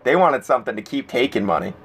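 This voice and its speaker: A man chatting on a casual podcast, his pitch swinging widely as he acts out what people said. He tells stories animatedly and laughs a lot. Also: expressive, fast, gravelly, fairly bright tone, slightly rough. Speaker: podcast host.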